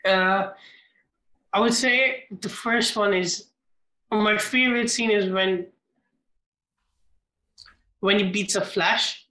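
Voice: mid-range voice, slow pace, pauses often, pushed and bright, roomy sound. A podcast co-host chatting casually, hesitant with restarts and dry remarks. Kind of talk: casual chat.

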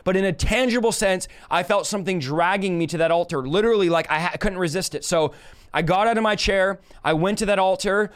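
Male preacher, 30s, high and resonant voice, emphatic live-stream testimony. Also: brisk, clean tone. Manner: fervent, emphatic storytelling with repeated phrases; talks straight to live viewers.

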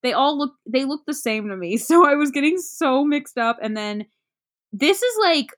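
A woman's voice: high-pitched, lively intonation, a bit bright. Woman rambling thru a movie recap, casual podcast chat, lots of ums. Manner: rambling, halting, with many fillers.

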